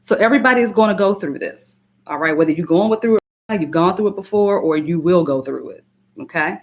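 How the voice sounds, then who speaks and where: Woman, low voice, spiritual coach, live-stream talk, emphatic, repeats herself. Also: a little fast. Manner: emphatic, repeats phrases, greets chatters by name.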